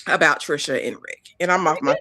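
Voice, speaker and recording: A woman's voice: low voice, fairly quick, bright, forceful tone, slight background noise. A woman co-hosting a reality TV review show in casual chat, blunt and scornful as she mocks the cast.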